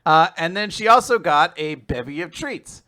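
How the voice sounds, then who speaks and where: Co-hosting a casual manga recap podcast, a man retells scenes with animated energy, leaping into exaggerated character voices. His voice is a little high, at a moderate pace.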